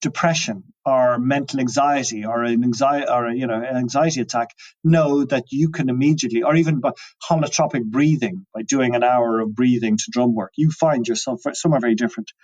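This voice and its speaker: A man's voice: medium pitch, fairly quick, a little mellow, lo-fi sound. A man talking as an interview guest, musing and reflective, often restarting his sentences. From Ireland. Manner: musing, many restarts and trailing phrases.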